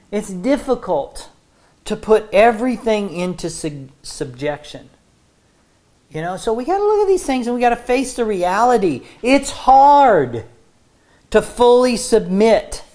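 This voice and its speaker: A woman's voice: medium pitch, very animated, unhurried, long pauses, mellow. A woman preaching a sermon to a congregation in an earnest, conversational way, often repeating words as she restarts a thought.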